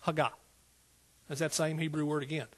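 Male preacher, sermon delivery, a bit high and husky, emphatic and rousing, casual with the congregation. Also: normal speed, fairly bright tone. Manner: rises to emphatic exclaiming peaks; Southern "y'all" speech.

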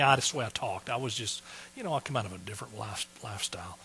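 A man's voice: medium pitch, very animated, very fast, sharp tone, a little hiss or hum, poor audio. A man preaching a personal testimony in a folksy, emotional way, close to tears. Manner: folksy, emotional storytelling with fillers. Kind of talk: sermon testimony.

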